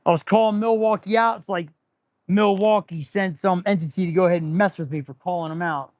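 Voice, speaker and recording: This auto mechanic and channel host speaks briskly in a high-pitched, steady, darkish voice, recorded without echo. Broadcasting a casual live stream from his indoor repair shop, he rambles, rants with sarcasm, and keeps restarting his sentences while working with his tools.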